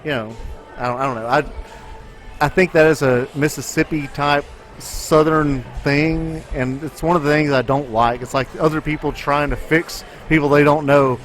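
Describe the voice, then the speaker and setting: A man co-hosting a podcast, opinionated and quick to get fired up in casual chat. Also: a little high, fairly even intonation, faint music behind. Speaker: podcast co-host.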